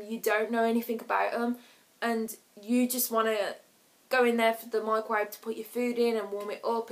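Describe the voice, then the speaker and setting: A chatty woman vlogger talking straight to camera in a casual way. Her voice sits a little high, and she keeps breaking into giggles as she acts out short scenes with quick voices.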